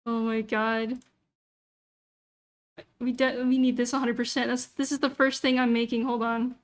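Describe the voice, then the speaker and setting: A young woman with a high voice talks loosely on a livestream. She mutters to herself as she clicks through a website and swears freely. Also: flat delivery, normal speed. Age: young adult. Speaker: VTuber streamer. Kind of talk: casual livestream chat.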